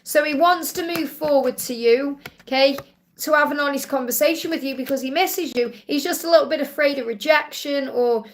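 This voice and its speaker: Brief: woman, high voice, live-stream psychic reader, gentle chatty delivery with frequent check-ins. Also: brisk. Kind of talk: live-stream tarot reading.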